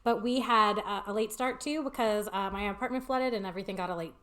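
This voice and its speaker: A woman's voice: mid-range voice, quick pace, fairly bright tone. A woman hosts a casual online talk show from her apartment, chatting away in a loose, easygoing manner. Her voice comes through a computer mic that sounds tinny and echoey, with a little feedback. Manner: chatty, flustered by audio problems, laughing. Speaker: podcast host. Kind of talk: casual live-stream chat. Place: home apartment. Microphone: computer microphone on a video call.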